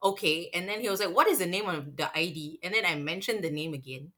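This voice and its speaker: Animated Singaporean woman telling a story. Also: fairly low pitch, quick pace. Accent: Singaporean English. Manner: animated, acts out customers' lines with swearing. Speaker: cinema manager. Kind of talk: casual storytelling chat.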